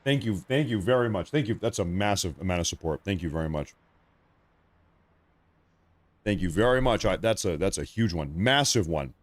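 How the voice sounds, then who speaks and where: Low-voiced man hosting a live stream. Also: expressive, brisk, dry recording. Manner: rambling, repeats himself, conversational. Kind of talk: casual live commentary.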